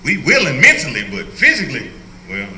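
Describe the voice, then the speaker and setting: A man's voice: medium pitch, huge pitch swings, brisk, pushed and bright, echoey room, slight background noise, low-quality recording. An older man leading an informal Bible study as a pastor, joking and laughing often as he teaches. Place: church hall.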